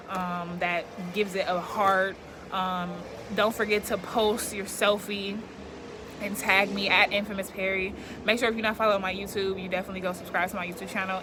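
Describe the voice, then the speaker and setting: A woman's voice: medium pitch, background noise. A young woman talking candidly to camera outdoors, rambling and reflective with lots of filler words. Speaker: vlogger. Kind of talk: casual reflective talk to camera. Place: outdoors, yard work nearby.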